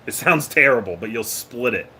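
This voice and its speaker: Bright and forceful with lively intonation, this mid-range male voice moves at a normal speed against faint background noise. He's a livestream host from Maine chatting casually with viewers, cracking jokes, laughing often and trailing off mid-sentence.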